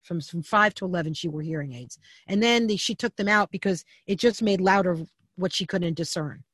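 A middle-aged woman telling family stories as an interview guest, animated and candid, often restarting her sentences. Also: fairly low pitch, brisk, slightly rough, no room sound, clean studio sound. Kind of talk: storytelling in a podcast interview.

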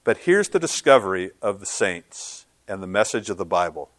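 A man preaching a sermon as pastor, earnest and swinging from loud to hushed. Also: sits low, big pitch swings, normal speed, dry recording.

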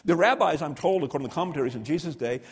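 A man's voice: on the high side, animated, rapid-fire, slightly rough. A man preaching a sermon, telling stories, reading scripture aloud and asking his listeners questions. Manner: storytelling, asks the listeners questions; reads scripture aloud, drops to a hush for prayer. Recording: long hall reverb.

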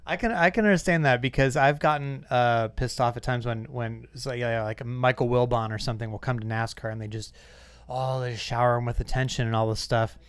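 Middle-aged male podcast host, smooth clear voice, dry close sound, chatty storyteller. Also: medium pitch, steady tone, a little fast, dry recording. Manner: chatty, storytelling with quoted asides. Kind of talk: casual chat.

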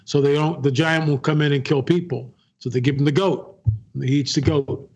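A man's voice: a little high, fairly even intonation, normal speed, a little mellow. A man, a guest filmmaker, telling a story in an interview, earnest and repeating key phrases. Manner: earnest, repeats phrases, acts out quoted dialogue.

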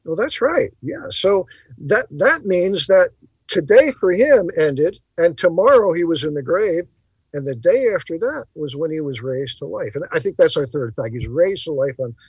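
A man hosting a bible talk show, explaining in a teacherly way and pausing to stress his points. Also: fairly high pitch, very animated, darkish tone, breathy edge, dry recording, highs cut off. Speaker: podcast host.

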